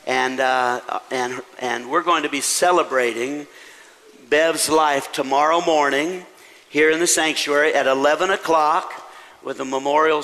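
A middle-aged pastor leads a church service in the sanctuary, praying and welcoming his congregation with a warm pulpit delivery. His fairly high voice rises and grows louder when he rallies the room. Long church reverb and faint instrumental music fill the recording.

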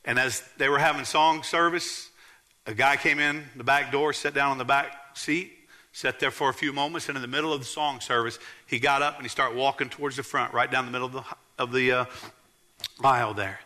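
A man, preaching a sermon as pastor in a church, earnestly emphatic and dropping low to tell stories. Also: steady tone, brisk, pushed and bright. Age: 40s.

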